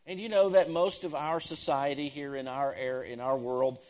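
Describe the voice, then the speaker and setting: A man preaching a sermon, swinging from loud, emphatic declarations down to hushed, near-whispered lines and repeating key phrases for effect. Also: mid-range voice, steady tone, moderate pace. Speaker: pastor.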